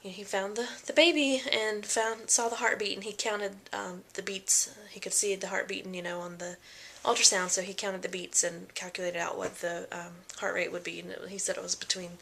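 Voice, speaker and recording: A woman's voice: mid-range voice, little pitch movement, a little fast, vocal fry, hardly any pauses, bright, forceful tone. A young woman talking casually in a pregnancy vlog, chatty and full of fillers, often acting out what people said. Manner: chatty, many fillers and quoted voices. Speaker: vlogger.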